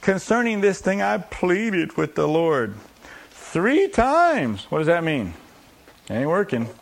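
Preacher guy, kinda high voice, swings way up and down acting stuff out, laughs a lot. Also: slow, creaky, a little hiss or hum. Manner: animated, acts out prayers and quotes, laughs often. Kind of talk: sermon.

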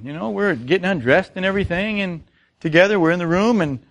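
A man's voice: high voice, fast talker. A middle-aged man preaching a sermon, telling stories and asking the congregation rhetorical questions. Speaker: pastor.

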